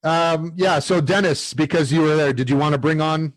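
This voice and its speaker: A man's voice: a little high, normal speed, low-quality recording. A man hosting a livestream, mostly affirming others and handing over the floor. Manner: affirming, brief interjections. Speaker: host. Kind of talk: casual livestream chat.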